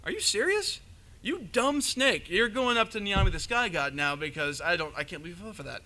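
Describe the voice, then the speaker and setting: A cunning trickster spider, voiced by a man, who sweet-talks his prey and then crows over them. The voice rides high and bright, with a teasing, mocking edge. It is told live, as part of a storytelling. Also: poor audio. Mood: gloating. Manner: wheedling then mocking, quick bursts of high pitch. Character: sly trickster spider man, gloating and scheming.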